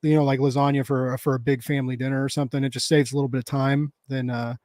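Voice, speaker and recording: A man's voice: mid-range voice, flat delivery, fast talker, a little mellow, no echo, clean studio sound. A man in his thirties from the United States, rambling casually with lots of fillers, restarts and laughs as a podcast co-host. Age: 30s. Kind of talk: casual chat.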